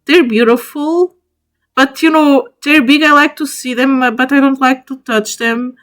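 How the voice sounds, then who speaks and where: Woman, streamer, casual chat, enthusiastic, halting restarts, slow delivery. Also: high-pitched, fairly even intonation, a bit bright. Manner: enthusiastic, gushing over animals, talks to the spiders directly; halting, restarts mid-word. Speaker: streamer ranking spiders in a tier list.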